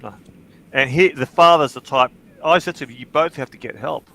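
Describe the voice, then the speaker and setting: A man hosting a livestream, telling stories in casual chat, swearing freely and getting animated in bursts. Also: medium pitch, normal speed, poor audio. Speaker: livestream host.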